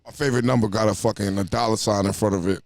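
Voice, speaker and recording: A man's voice: lowish voice, steady tone, rapid-fire, vocal fry, dry recording. A man, a rapper guest on a podcast, chatting casually and trading wisecracks. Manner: wisecracking, trades jokes. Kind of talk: casual interview chat.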